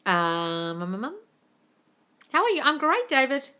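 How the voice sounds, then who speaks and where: This bright-toned, fairly high-voiced woman is hosting a casual Q&A on a phone livestream, speaking a little slowly. She's blunt and swears freely, calls her viewers darling, and stays animated, squealing and laughing as comments come in.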